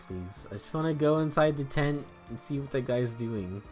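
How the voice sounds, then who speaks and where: A man's voice: medium pitch, animated, normal speed, a little mellow. A man chatting loosely while he plays through a video game, his voice swinging widely up and down. He rambles from one aside to the next, cracks jokes, curses casually and laughs a lot, with faint game music underneath. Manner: rambling, joking, laughs often, swears. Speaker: let's play host. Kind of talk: casual gaming commentary.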